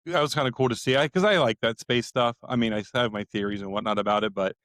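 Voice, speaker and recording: A man co-hosting a casual chat podcast, musing in a relaxed, thinking-aloud way. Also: mid-range voice, quick pace, dry recording, studio quality. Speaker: podcast co-host.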